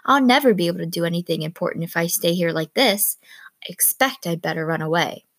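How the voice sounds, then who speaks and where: A woman's voice: on the low side, animated, fast talker, dry recording. A restless young girl speaks earnestly with a stubborn streak, voiced lightly by a woman narrator. She sounds wistful one moment and defiant the next. The sound is dry and close.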